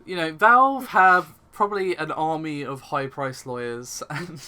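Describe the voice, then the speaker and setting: A man's voice: fairly high pitch, unhurried, sharp tone, smooth. A man hosting a casual tech podcast, wry and often laughing as he tells a story. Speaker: podcast host.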